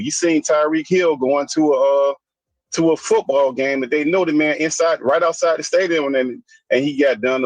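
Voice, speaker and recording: Blunt ranting man, husky voice. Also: mid-range voice, dry recording, low-quality recording. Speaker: commentator. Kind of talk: opinionated casual commentary.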